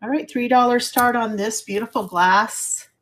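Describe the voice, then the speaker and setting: A woman's voice: fairly high pitch, moderate pace. A middle-aged woman hosting a casual live jewelry sale, chatty and rambling, laughing at her own fumbles. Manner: chatty, rambling, self-deprecating. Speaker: live jewelry auction host. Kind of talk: casual live selling chat.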